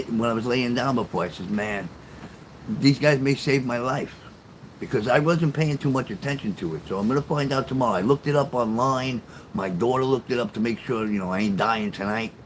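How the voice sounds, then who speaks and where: A man's voice: medium pitch, a little fast, slight background noise, low-quality recording. An older man telling stories and chatting casually with viewers on a livestream, blunt and profane. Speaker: livestream host.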